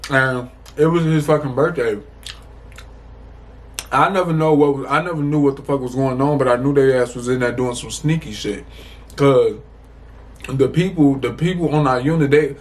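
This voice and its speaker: A young man from the Chicago area telling a casual storytime to the camera, animated and profane, rambling with many restarts. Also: medium pitch, a little hiss or hum. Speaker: storytime vlogger.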